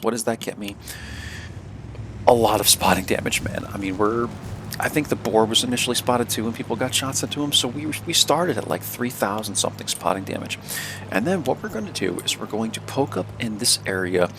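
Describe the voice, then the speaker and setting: A man's voice: medium pitch, expressive, fairly quick, creaky, background noise. A man giving casual gameplay commentary as a video creator, with an American accent, repeating words and using many fillers.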